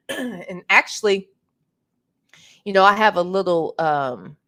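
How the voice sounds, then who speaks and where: A slightly hoarse woman hosting a casual late-night livestream, chatty and greeting viewers by name, calling them honey. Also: mid-range voice, animated, takes it slowly, a bit bright. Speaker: livestream host.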